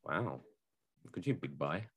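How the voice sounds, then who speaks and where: Guy cohosting a podcast, goofy and animated, voice all over the place. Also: a bass voice, a little slow, vocal fry, slightly rough. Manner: jokey, animated, slips into silly voices. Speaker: podcast co-host. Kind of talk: casual chat.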